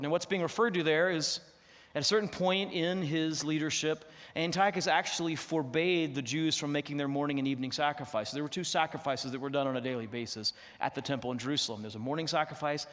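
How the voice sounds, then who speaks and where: Animated middle-aged preacher in a reverberant church. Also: male voice, on the high side. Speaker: pastor. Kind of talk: sermon. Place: church sanctuary. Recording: long reverb of a church hall.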